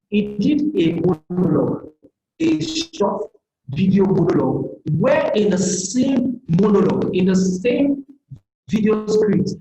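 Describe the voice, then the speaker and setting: A seminar speaker giving an earnest, motivational online career talk, often pausing on fillers. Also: mid-range voice, muffled recording. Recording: roomy echoey sound.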